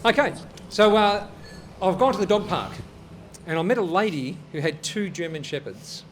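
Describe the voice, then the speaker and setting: Man, show host, high-pitched, upbeat, club venue, noisy background. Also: animated, normal speed. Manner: upbeat, thankful introductions. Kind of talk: live show hosting. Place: club venue with live audience.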